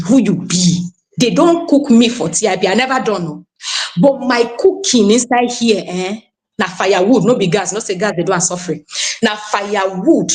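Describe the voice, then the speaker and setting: Brief: Nigerian-accented woman, mid-pitched, exclamatory live-stream testimony, addresses her coach often, drops into pidgin phrases. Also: a little mellow, a little hiss or hum. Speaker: podcast guest sharing a testimony.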